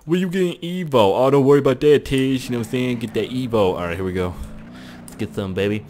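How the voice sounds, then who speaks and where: A man's voice: mid-range voice, quick pace, slight background noise. Rambling, foul-mouthed male game commentator. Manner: rambling, profane, excitable. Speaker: host.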